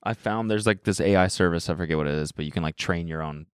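A man's voice: low voice, fast talker, smooth, no echo, clean studio sound. A man co-hosting a podcast in casual chat, laid-back and filling his talk with "like". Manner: laid-back, lots of "like" fillers. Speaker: podcast co-host.

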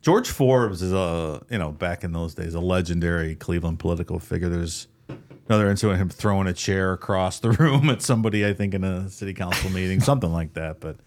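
A man's voice: sits low, fast, a little mellow. A man hosting a podcast in casual chat, laid-back and laughing often. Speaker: podcast host.

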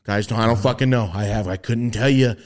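A young man on a podcast telling a story in casual chat, swearing freely and acting out the voices he quotes. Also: brisk. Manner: animated, swearing, acts out quoted voices in a high pitch. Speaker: podcast host.

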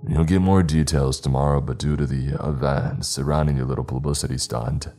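A man voicing a gruff older monster hunter who scolds his godson in a booming, stern manner. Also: steady tone, brisk, mellow, faint music behind.

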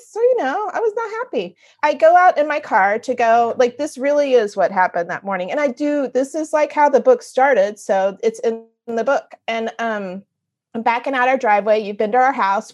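A middle-aged woman tells a story as a guest, with a fairly high voice that swings up and down a lot. She acts out what she said to herself in lively little voices as she goes. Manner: expressive, acts out her own remarks in lively voices. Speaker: author and guest. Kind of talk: animated storytelling in conversation.

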